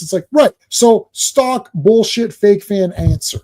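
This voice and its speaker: A man hosting a live stream, ranting and swearing, dropping into quick impressions of other people. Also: high voice, expressive, a little mellow. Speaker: host.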